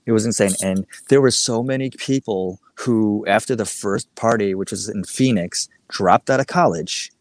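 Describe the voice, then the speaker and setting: A man's voice: lowish voice, normal speed, few pauses, no echo. A middle-aged man from the American Midwest telling a rambling story as a guest, full of "like" and "you know" with many restarts. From Midwest United States. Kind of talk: casual storytelling interview.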